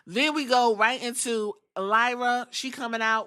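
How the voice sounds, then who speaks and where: Bright-voiced woman, blunt and profane. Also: fairly high pitch, fairly even intonation, measured pace, clear, resonant tone. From outside the US. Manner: blunt, profane, chatty storytelling. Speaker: podcast host. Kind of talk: casual recap podcast.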